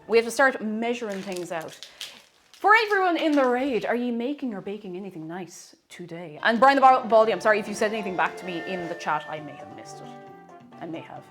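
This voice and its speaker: A woman's voice: mid-range voice, lively intonation, fairly quick, soft background music. A woman streaming herself baking, chatting casually and greeting viewers by name. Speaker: baking livestreamer. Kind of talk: casual chat while baking.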